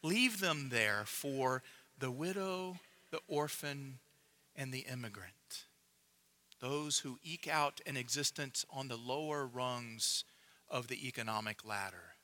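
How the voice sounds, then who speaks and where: A man preaching a sermon in a measured, emphatic way, dropping to a hush to drive points home. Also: medium pitch.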